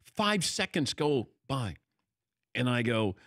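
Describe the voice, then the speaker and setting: Older male host, animated raconteur, bright tone, lively pitch. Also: normal speed, dry recording, studio quality. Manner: animated storytelling, acting out quoted lines. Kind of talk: casual chat.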